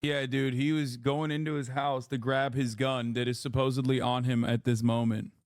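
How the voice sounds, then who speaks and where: A man's voice: medium pitch, little pitch movement, moderate pace. Profane, incredulous man reacting on stream. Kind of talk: casual reaction commentary.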